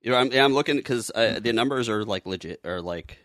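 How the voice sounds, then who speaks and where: A man's voice: mid-range voice, animated, a little fast, a bit bright, no room sound, clean studio sound. A man co-hosting a podcast, talking loosely with lots of fillers and cracking jokes. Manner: joking, loose, filler-heavy. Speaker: podcast co-host. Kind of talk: casual podcast chat.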